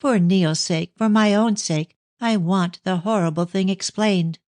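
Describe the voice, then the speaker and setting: A man's voice: high-pitched, measured pace, darkish tone, no room sound, voice pushed up. A man reading an audiobook, voicing an anxious, tearful young woman pleading with her father. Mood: passionate.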